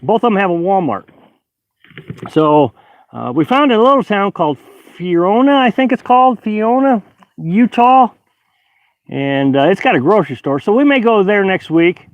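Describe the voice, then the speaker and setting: Man, rather high voice, casual live-stream chat, rambling, many fillers, dry dull outdoor audio. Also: very animated, moderate pace, no room sound. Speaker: vlog host reading live chat. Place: outdoors at a high-altitude campsite.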